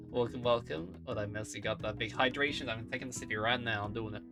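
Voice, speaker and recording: A streamer chatting live, greeting viewers with bubbly, goofy exclamations. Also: medium pitch.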